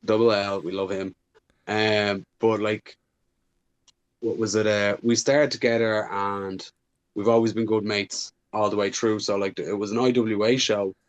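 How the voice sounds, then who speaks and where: Guy with a lowish voice, rambly, lots of likes and ums, podcast guest. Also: flat delivery, unhurried. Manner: rambling, chatty, filler-heavy. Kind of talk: casual podcast interview.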